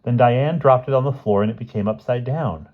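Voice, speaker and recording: Man doing a squeaky excited schoolgirl, rushing, dull sound. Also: lightly acted. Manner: excited, rushed. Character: excitable teenage girl, loud and breathless.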